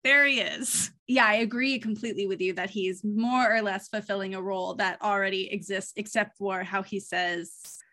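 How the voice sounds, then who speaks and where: A woman's voice: mid-range voice, steady tone, moderate pace, pushed and bright. A woman co-hosting a podcast in casual discussion, chatty and prone to tangents, laughing at herself. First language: bilingual, speaks another language. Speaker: podcast co-host.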